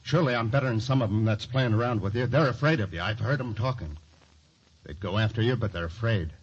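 An actor, blunt and insistent. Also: male voice, on the low side, quick pace, husky. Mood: ardent. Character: brash Irish stable hand, passionate. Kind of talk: 1940s radio acting. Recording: dull lo-fi vintage radio recording.

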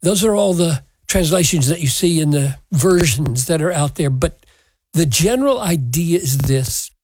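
Male preacher, husky voice, measured and emphatic sermon delivery. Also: fairly high pitch, lively intonation, a little mellow, dry recording, low-quality recording. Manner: measured, emphatic scripture exposition. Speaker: pastor.

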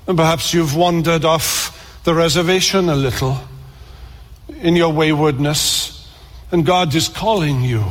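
A man preaching a sermon in earnest tones, repeating words and slowing down for emphasis. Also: on the high side, in a large hall.

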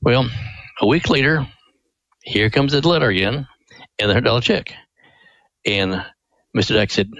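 A man's voice: mid-range voice, expressive, moderate pace, pauses often, a bit bright, no echo, low-quality recording. Middle-aged guy telling an old family story, folksy, earnest, dry studio mic. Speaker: ministry president, guest. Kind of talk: radio interview storytelling.

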